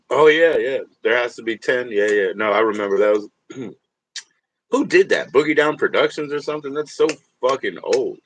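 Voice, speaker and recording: A man's voice: mid-range voice, lively intonation, moderate pace, slight background noise. Profane, rambling livestreaming man. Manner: rambling, profane, laughs often, talks to viewers. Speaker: livestream host. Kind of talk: casual livestream chat.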